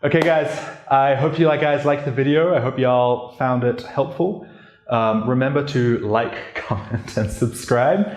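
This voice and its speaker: Taking his time, a man at medium pitch offers a casual pronunciation lesson as a learner of the language. He chats in a relaxed way, dropping in lots of "like" fillers, and there is a roomy echo on the recording.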